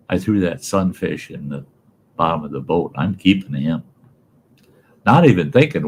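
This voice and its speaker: A man's voice: deep voice, expressive, brisk, vocal fry, a little hiss or hum. A man host telling a folksy, salty story about his own past.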